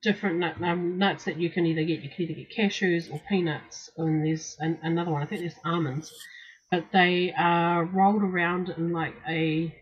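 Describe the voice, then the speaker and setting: A woman's voice: lowish voice, steady tone, normal speed, husky. A young woman with a New Zealand accent, co-hosting a live stream and rambling through a story with plenty of fillers. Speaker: co-host. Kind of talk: casual live-stream chat. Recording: dull, muffled audio.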